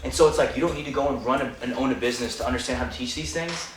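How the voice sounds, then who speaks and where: Young male sales trainer, 20s, rapid-fire coaching delivery, distant mic, noisy boomy room. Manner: fast, punchy, coaching the team. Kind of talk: live sales training talk. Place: meeting room with team. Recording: echoey room, mic far off, background noise.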